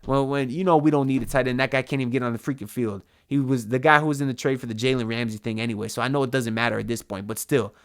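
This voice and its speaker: A man's voice: mid-range voice, fairly even intonation, fast, few pauses. A young man venting in a ranting, frustrated way about his football team, often repeating words as he talks. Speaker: sports fan vlogger. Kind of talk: ranting sports vent.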